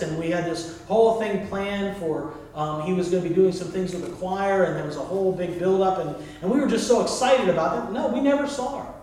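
A pastor preaches a sermon in a loose, conversational way, often calling out to his congregation. His voice sits high for a man. It rings through a big, very echoey sanctuary from a mic set well away from him. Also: a little mellow. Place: church sanctuary. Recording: very echoey hall, mic far off.

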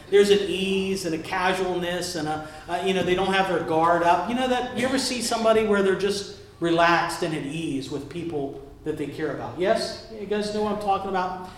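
A man's voice: sits high, a little hiss or hum. A man preaching a sermon as a pastor, telling a personal story in a conversational way and asking the congregation questions. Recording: very echoey hall from far off.

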